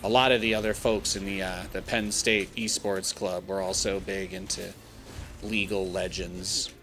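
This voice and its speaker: Male game streamer, 30s, bright and forceful tone, loose rambling chatter with faint music underneath. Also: low voice, little pitch movement, moderate pace. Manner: chatty, rambling, heavy use of "like". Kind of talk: casual live-stream commentary.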